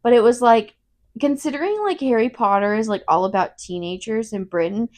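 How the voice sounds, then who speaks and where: A young woman co-hosting a casual book review, her voice sitting a little high. She rambles through the plot, leaning on "like" in nearly every phrase, quick and offhand. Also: a little mellow. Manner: rambling, fills every gap with "like", quick retelling. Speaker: podcast co-host.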